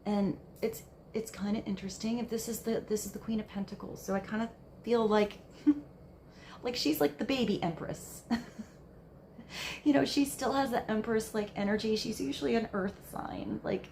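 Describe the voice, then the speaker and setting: A woman's voice: on the high side, normal speed, darkish tone, roomy sound, slight background noise. A woman giving a casual tarot reading, musing aloud in a rambling way with many fillers. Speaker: tarot card reader.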